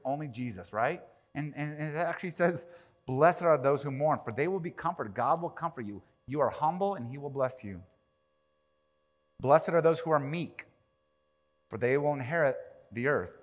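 A man preaching a sermon as pastor, animated, swinging from quiet to loud and acting out quoted prayers. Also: fairly high pitch, moderate pace. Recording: long reverb of a large hall.

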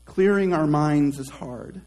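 Male pastor, slightly high voice, slow unhurried sermon delivery, soft trailing phrase ends, conversational asides. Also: poor audio. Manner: slow, reflective preaching with drawn-out soft phrase endings; conversational asides and self-restarts.

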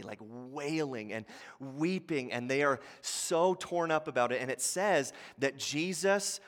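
A man preaching a sermon as a pastor, talking conversationally with frequent asides, then building to impassioned near-shouts. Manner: passionate, rising to near shouts at high points. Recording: long hall reverb.

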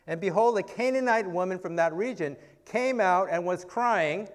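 A man's voice: sits high, lively intonation, moderate pace, hardly any pauses. A man preaching in a casual, conversational Bible-teaching style, often checking in with "okay" and "right?" and asking rhetorical questions.

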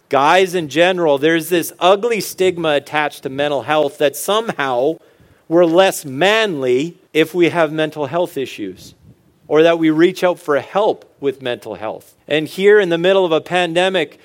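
A middle-aged man with a somewhat high voice gives a humorous motivational talk to fellow dads. He jokes, tells stories and drops into earnest asides. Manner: joking, storytelling, earnest asides. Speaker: speaker on fatherhood.

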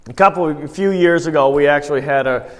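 A man's voice: a little high, fairly quick. A man preaching a sermon, telling everyday stories in a conversational way and putting rhetorical questions to the congregation. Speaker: pastor. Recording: long hall reverb.

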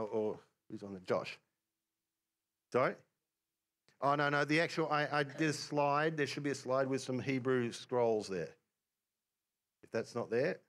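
A man preaching a relaxed, conversational sermon, often restarting and repeating words as he explains. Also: medium pitch.

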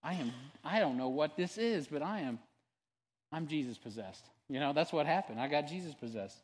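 A man's voice: fairly high pitch, moderate pace. Earnest male pastor in a reverberant hall. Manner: conversational storytelling with frequent restarts and asides; earnest and animated when testifying. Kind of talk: sermon.

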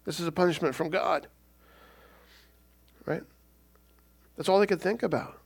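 Male pastor with a gravelly voice, chatty sermon, keeps saying right. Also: high-pitched, unhurried. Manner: conversational, keeps asking "right?".

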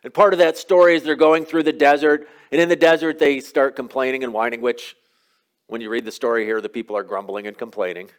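A man's voice: medium pitch, steady tone, a little fast. A man preaching a sermon as pastor, retelling a scripture story in a casual, conversational way with offhand asides.

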